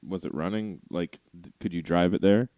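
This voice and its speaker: A man's voice: sits low, normal speed, dark tone, no echo, highs cut off. A man co-hosting a car podcast, telling rambling stories in a laid-back way and laughing often. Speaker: podcast co-host. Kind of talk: casual chat.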